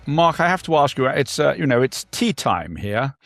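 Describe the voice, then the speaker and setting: A man's voice: medium pitch, very animated, moderate pace, fairly bright tone, faint music behind. A man with an English accent co-hosting a podcast over a video call, talking in a wry, joking way. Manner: wry, joking, plummy banter. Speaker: podcast co-host. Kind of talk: casual political chat.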